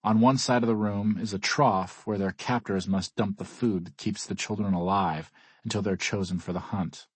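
A man with a low, husky voice narrates a first-person audiobook in a measured, grave way. The recording is dry and close, with no room sound at all. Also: fairly even intonation, no echo.

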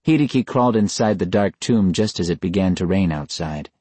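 A man reading a novel aloud in measured, scripted narration. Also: low voice, lively intonation, mellow, no room sound. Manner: measured storytelling. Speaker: audiobook narrator.

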